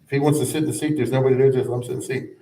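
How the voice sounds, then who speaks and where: A male teacher explains old texts in a relaxed, talky way, breaking into chanted verse before paraphrasing it. His voice sits in the middle range and sounds off-mic, with the hollow ring of a large room around it. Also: medium pitch, rapid-fire. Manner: conversational, chanting Hebrew verses then translating, many asides. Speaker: rabbi teaching a class. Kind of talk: informal explanatory lecture. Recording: echoey room, mic at a distance.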